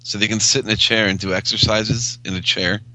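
A man's voice: fairly low pitch, level tone, fairly quick, pushed and bright, rough recording. A man co-hosting a casual chat, chiming in briefly and giving short explanations. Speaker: podcast co-host.

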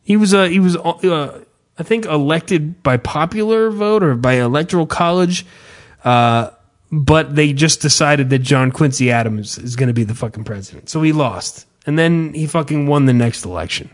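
A man's voice: on the high side, expressive, moderate pace. A man telling a sarcastic, profanity-laced comedic story in casual podcast chat.

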